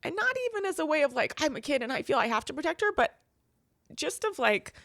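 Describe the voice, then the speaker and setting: A woman talks through a painful family memory in an interview, bringing each remembered voice to life as she goes. Her voice sits a little high, and the sound is dry and close. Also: fast talker, creaky, dry recording. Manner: animated, acts out quoted voices in storytelling. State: crying at times. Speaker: guest. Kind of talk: emotional personal interview.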